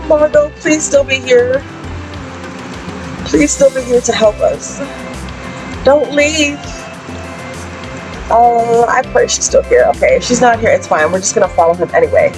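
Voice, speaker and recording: Young woman host, chatty and excitable game narration, higher voice, music bed under her. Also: a little slow, pauses often, rough recording. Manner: excitable, chatty, exclaims often. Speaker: gaming channel host. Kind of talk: casual let's-play commentary.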